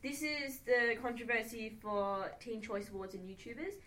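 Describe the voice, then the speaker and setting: A young woman co-hosting a casual chat podcast, chatty and quick to laugh. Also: fairly high pitch, fairly bright tone. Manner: giggly, chatty. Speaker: podcast co-host.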